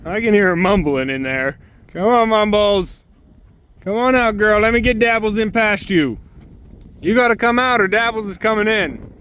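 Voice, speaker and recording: A man hosting a homestead vlog uses a high, bright and forceful voice with lively intonation at a normal speed, and the sound is clean. He coaxes his birds and dog along in a sing-song way, then explains his farm chores plainly.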